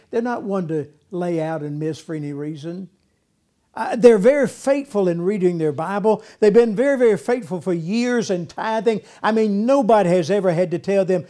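A man's voice: sits high, mellow. A man preaching a sermon in a folksy way, repeating words and acting out whiny voices, with a congregation answering. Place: church with congregation responding.

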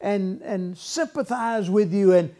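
High-voiced folksy preacher. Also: male voice, slow, warm tone. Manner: folksy, repeats words, acts out whiny voices. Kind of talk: sermon. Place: church with congregation responding.

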